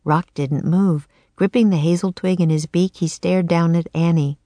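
A woman's voice: on the low side, moderate pace, no echo. Woman narrating a storybook. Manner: clear, steady storytelling.

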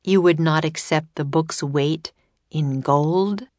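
A woman voicing a man of the court, described as deep and gruff, in a storybook reading. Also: slow pace, darkish tone, dry recording. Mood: probing.

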